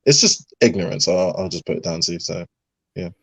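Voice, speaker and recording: A man's voice: low voice, a little fast, vocal fry, slightly rough, no room sound. A young man from England with a London accent, chatting earnestly as a guest with frequent fillers. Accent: London English. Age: young adult. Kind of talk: casual chat.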